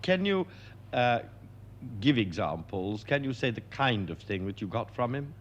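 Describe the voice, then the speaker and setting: A man's voice: mid-range voice, very animated, a little slow, dull audio, a little hiss or hum. A man interviewing a guest with polite, encouraging questions.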